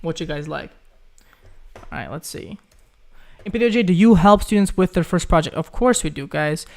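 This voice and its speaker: A man's voice: fairly high pitch, lively intonation, moderate pace. A young man from Ukraine hosting a casual live stream, chatting loosely as he reads viewers' questions aloud and keeps calling them guys.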